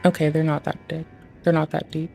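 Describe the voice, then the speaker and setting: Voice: mid-range voice, little pitch movement, a little fast, vocal fry, mellow, soft background music. A streamer talking casually and swearing freely, muttering to themself and asking the screen questions while fiddling with game graphics settings. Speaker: livestreamer.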